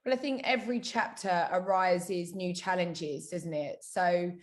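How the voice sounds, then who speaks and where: A woman's voice: fairly low pitch, measured pace. A woman who is a podcast guest, chatting candidly and upbeat and speaking openly about her feelings. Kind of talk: casual chat.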